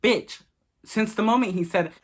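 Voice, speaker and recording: A man's voice: sits high, moderate pace. A man in his late teens, telling a personal story in a candid, gossipy, profane way. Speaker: vlogger. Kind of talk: casual story time.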